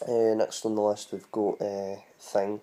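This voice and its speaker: A man's voice: fairly low pitch, level tone, a little slow, dark tone. A man with a Scottish accent, chatting casually as he explains how to say local words and spells them out letter by letter. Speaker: vlogger teaching Scottish words.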